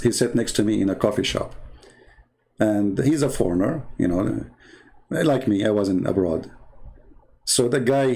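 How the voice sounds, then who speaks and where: A man's voice: fairly low pitch, gravelly, darkish tone. A man with an Arabic accent, a native Arabic speaker, giving a sarcastic, exasperated casual commentary and telling mocking anecdotes. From Middle East. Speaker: online debater and channel host.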